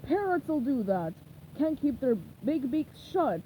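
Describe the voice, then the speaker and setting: A woman voicing a huge, menacing male pirate captain with a deep, growling voice, loud and slow. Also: very animated, slight background noise, heavily acted, poor audio.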